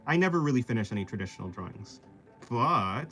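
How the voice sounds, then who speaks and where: A man's voice: animated, fairly quick, a bit bright. A man from the East Coast of the United States, chatting playfully with livestream viewers while he draws. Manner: playful and jokey, slips into silly squeaky voices. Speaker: art streamer. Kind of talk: casual chat with livestream viewers while drawing.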